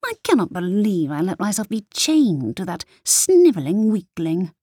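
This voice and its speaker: A woman's voice: medium pitch, sing-song, warm tone, husky, no room sound, studio quality. Woman voicing a scornful, cruel sorceress mother. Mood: bitter, scornful. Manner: venomous, scornful, slow and cutting.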